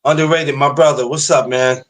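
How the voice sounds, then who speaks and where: A man's voice: mid-range voice, steady tone, moderate pace, fairly bright tone, poor audio. Laid-back man hosting a boxing podcast. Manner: loose and chatty, slangy greetings to the audience. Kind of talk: casual livestream podcast chat.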